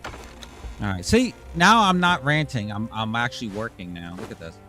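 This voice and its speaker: A man's voice: on the low side, sing-song, moderate pace, bright, forceful tone, soft background music. Rambling, casually swearing male streamer. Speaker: VTuber streamer. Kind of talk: casual gaming livestream chat.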